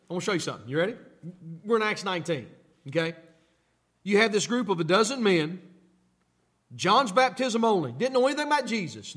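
A man's voice: high-pitched, a bit bright, husky. A male pastor preaching a sermon, emphatic, repeating phrases and asking the congregation questions.

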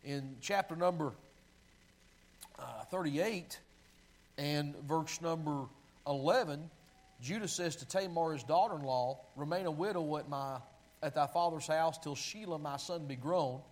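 A man's voice: a little high, measured pace, low-quality recording. A man preaching a sermon, reading long scripture passages aloud in a pleading voice and often stopping to correct himself while finding his place. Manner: reads scripture aloud with pleading, sinking delivery; restarts and self-corrections while finding verses.

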